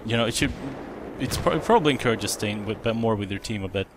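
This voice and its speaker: A man's voice: on the low side, animated, quick pace, background noise. A man giving casual let's play commentary, rambling and correcting himself as he goes. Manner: rambling, self-correcting, chatty. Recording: game audio behind voice, gunfire and vehicles. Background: game gunfire and explosions.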